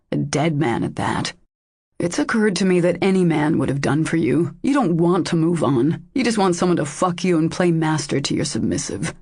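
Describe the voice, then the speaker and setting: Bitter angry guy in an audiobook, cold and cutting, low gravelly husky voice, a woman reading him. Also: a little mellow. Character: angry jealous man, lover of a widow.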